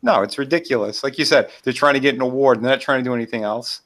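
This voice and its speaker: A man's voice: mid-range voice, fast talker, a bit bright. A man joining a live stream as a guest, speaking plainly and agreeing with the host. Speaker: livestream guest. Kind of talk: casual livestream chat.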